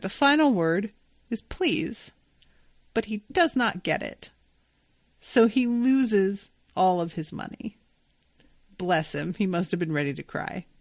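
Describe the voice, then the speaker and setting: A woman hosting a podcast, recapping a show in a relaxed, unhurried way. She swears often and slips into the characters' lines as she goes. The sound is close and dry, with no room echo. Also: medium pitch. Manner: chatty, swears freely, acts out quotes. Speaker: podcast host. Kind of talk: casual episode recap.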